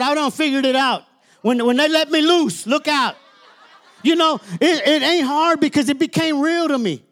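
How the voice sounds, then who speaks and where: A man's voice: very high-pitched, normal speed, a bit bright. A man preaching a sermon as a minister, emphatic and conversational, repeating phrases and laughing as he talks.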